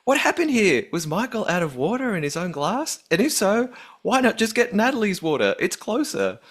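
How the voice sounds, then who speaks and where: Chatty aussie lady, a guy doing the accent, bouncy and higher than his normal voice. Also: very animated, moderate pace, fairly bright tone, full character voice. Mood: quizzical. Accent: Australian, put on. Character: chatty Australian woman listener.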